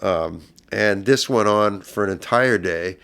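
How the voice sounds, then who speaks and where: Middle-aged guy on a podcast telling his story, low deep voice, super smooth, gets loud and worked up at the big parts. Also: a little slow. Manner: earnest, emotional retelling that swells louder at intense moments. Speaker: podcast guest. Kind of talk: personal storytelling.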